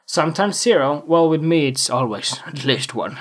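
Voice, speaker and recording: A man's voice: fairly high pitch, measured pace. A young man hosting a casual solo podcast into a desktop USB microphone, rambling with frequent restarts and joking boasts. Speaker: podcast host.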